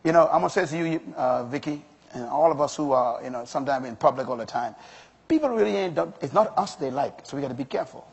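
A man's voice: medium pitch, animated, fast talker, vocal fry, a little mellow, breathy edge. A male pastor delivering an emphatic sermon to a congregation, rising to strong exclamations. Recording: long hall reverb.

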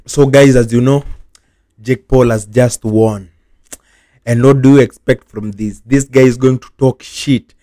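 A man's voice: medium pitch, fairly even intonation, unhurried, mellow. A man vlogging a repetitive reaction rant, sounding exasperated and repeating the same phrases over and over. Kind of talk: repetitive ranting vlog reaction.

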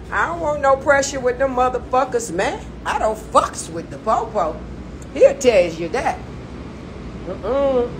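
A woman's voice: a little high, sing-song, unhurried, noisy background. A woman ranting profanely and confrontationally on a late-night phone livestream. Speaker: social media personality.

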